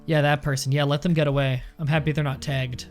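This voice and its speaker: A man's voice: fairly high pitch, level tone, fast, faint music behind. A man giving casual gameplay commentary as a let's play host, chatty and rambling as he thinks aloud.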